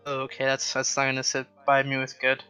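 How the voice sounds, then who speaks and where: A man's voice: medium pitch, completely flat delivery, brisk, pushed and bright, clear, resonant tone, soft background music. A man playing a tabletop game, rambling with many likes and you-knows. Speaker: player. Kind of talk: casual tabletop play.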